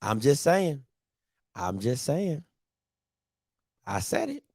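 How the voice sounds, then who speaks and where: A man's voice: medium pitch, sing-song, slow pace, darkish tone, no room sound, clean studio sound. A man hosting a casual football recap, ranting and talking straight to his viewers. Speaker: sports show host.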